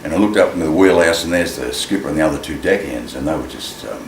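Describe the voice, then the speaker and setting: A man telling a personal story in an animated way, acting out the voices in it. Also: a bass voice, fast talker. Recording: echoey room with clear ambient noise.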